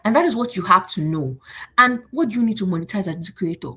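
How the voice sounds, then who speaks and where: A woman's voice: fast, slightly rough. A woman hosting a motivational livestream, rallying her audience with repeated phrases and acting out short exchanges. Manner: animated, repetitive and rallying, acting out exchanges in higher voices. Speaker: host.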